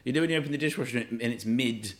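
A man's voice: mid-range voice, fast. A man chatting as a guest, telling rambling, self-deprecating anecdotes with frequent restarts. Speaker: comedian guest. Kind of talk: anecdotal chat.

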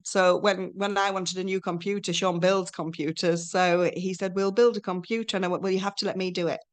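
A woman's voice: on the low side, a little fast. Chatty middle-aged woman. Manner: chatty, animated storytelling with acted quotes. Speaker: guest. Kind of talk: casual conversation.

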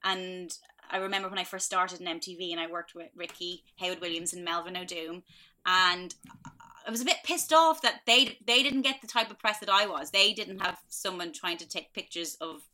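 A woman's voice: on the low side, moderate pace, pushed and bright. A woman guest on a podcast, talking candidly and thoughtfully. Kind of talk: reflective casual chat.

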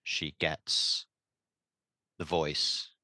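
A man playing in a tabletop game, describing his character in a halting way with fillers. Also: very deep voice, little pitch movement, pushed and bright, dry recording. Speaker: player.

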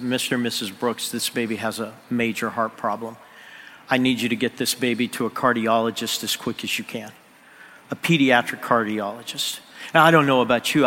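Male pastor, sermon storyteller, forceful tone, echoing church hall. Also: medium pitch. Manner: drops to near-whisper on emotional moments. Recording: long hall reverb.

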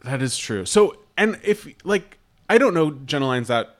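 A man's voice: fairly high pitch, sing-song, moderate pace. A man co-hosting a podcast, chatting casually in a hesitant, wry, rambling way. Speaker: podcast co-host. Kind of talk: casual chat.

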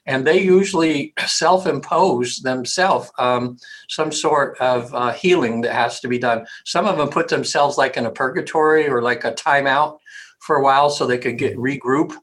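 A man, a hypnotherapist, speaking casually and rambling in an interview, with frequent throat clearing. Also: medium pitch, moderate pace, a bit bright, rough recording.

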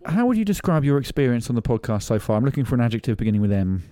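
A man hosting a comedy podcast quiz, teasing his guests with quick jokey asides. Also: mid-range voice, big pitch swings, warm tone. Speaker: radio podcast host. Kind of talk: playful quiz-show banter.

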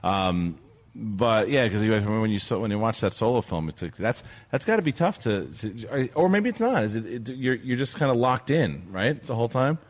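A man hosting a podcast in casual chat, eagerly asking quick questions. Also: on the low side, lively intonation.

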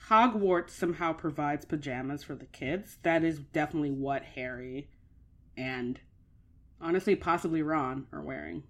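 Woman, low voice, podcast co-host, casual chat, chatty, filler-heavy. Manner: chatty, many filler likes.

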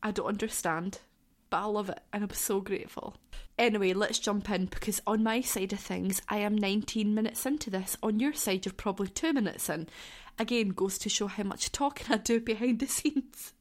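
A woman's voice: medium pitch, moderate pace. Chatty young Scottish woman podcasting. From southwest Scotland. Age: 20s. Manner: chatty and effusive, swears casually. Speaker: podcast host. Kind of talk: casual solo podcast chat.

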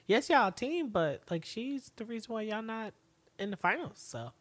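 A co-host with a mid-range voice, chatting casually about a TV episode. The delivery is relaxed and conversational, with the odd chuckle. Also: mid-range voice, normal speed. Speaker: podcast co-host. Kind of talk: casual recap chat.

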